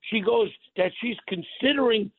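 A man's voice: sits high, moderate pace, gravelly, slightly rough, no echo. A man, calling in as a regular guest and ranting bluntly on talk radio. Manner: blunt, insulting, heated. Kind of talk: brash talk radio rant. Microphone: phone line. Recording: tinny dry phone line.

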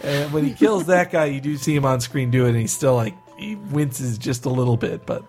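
A man's voice: mid-range voice, fairly quick, a little mellow, faint music behind. A man chatting casually, laughing often as he retells scenes. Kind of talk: casual podcast chat.

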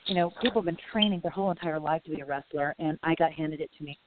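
A woman guest in a casual interview, telling stories in a rambling, animated way. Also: low voice, rapid-fire. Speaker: podcast guest. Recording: phone-like line with faint hiss.

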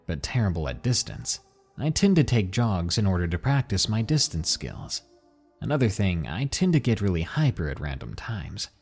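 A man with a low, husky voice reads horror stories aloud. His pitch swings widely as he builds tension. Faint music plays behind him. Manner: dramatic, slowing and dropping for suspense. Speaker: narrator. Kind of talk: scripted horror story narration.

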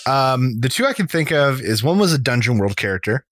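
A man's voice: mid-range voice, big pitch swings, fairly quick, fairly bright tone, dry recording, clean studio sound. A man who runs tabletop games, chatting casually and telling stories about his characters. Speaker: dungeon master and podcast co-host. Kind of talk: casual chat.

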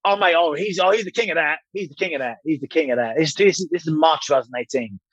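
A man's voice: fairly high pitch, fast, a bit bright, dry recording, lo-fi sound. A man in his thirties, a former boxer telling a long story as a guest, candid and swearing freely, with rambling restarts. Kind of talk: casual storytelling interview.

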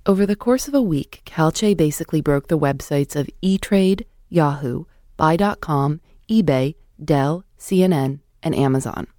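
A woman hosting a podcast, narrating in a measured, clear way and putting questions to her guest. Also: low voice, dark tone, no room sound, studio quality. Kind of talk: scripted narration and interviewing.

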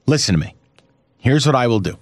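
Man, betting show co-host, mid-pitched, dry close sound, profane, mock-angry rants. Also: animated, a little fast, no echo. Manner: theatrical mock outrage, profane, pitch jumps up sharply when riled. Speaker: sports betting podcast co-host. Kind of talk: casual sports betting chat.

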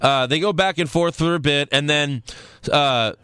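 A man's voice: fairly high pitch, moderate pace, bright, forceful tone, clear, resonant tone, dry recording, studio quality. A young man hosting a casual podcast, recapping wrestling in a loose, rambling way with some swearing. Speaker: podcast host.

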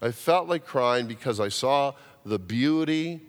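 A pastor's animated, medium-pitched voice moves unhurriedly through a sermon story with hardly any pauses. He repeats himself, breaks off to restart, and acts out quoted voices, all ringing in the long reverb of a church sanctuary.

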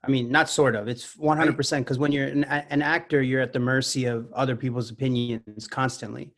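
A man in his thirties talks in a casual podcast chat, his voice sitting at an ordinary middle pitch. He is candid and reflective, spinning long, winding thoughts about acting and making music. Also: little pitch movement, fairly quick, a bit bright. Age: 30s. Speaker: guest, actor and musician.

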